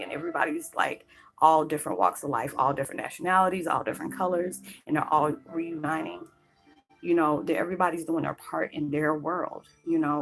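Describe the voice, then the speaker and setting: In an emotional to-camera talk, a woman with a low-pitched voice rambles earnestly about her spiritual path, using many fillers as she fights back tears. The audio is poor and faint music plays in the background.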